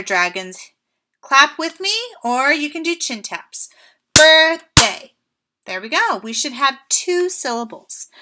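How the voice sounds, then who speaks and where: High, lively woman teaching small children. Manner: slow, clear, encouraging teacher talk. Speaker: first grade teacher. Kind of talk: remote lesson for young children.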